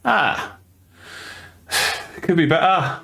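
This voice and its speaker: A man voicing a gruff, blunt older male sailor, an old family friend lamed by a badly healed leg wound. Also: fairly high pitch, lively intonation, very slow, fairly bright tone, faint music behind, pitched above the performer's own voice, heavily acted. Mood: rueful. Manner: blunt, salty sailor talk.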